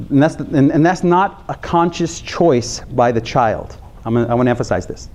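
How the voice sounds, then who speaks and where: This American health psychologist lectures counselors with plenty of energy, at a moderate pace and medium pitch, barely pausing at all. Key phrases get repeated for emphasis, and he jokes around with his listeners.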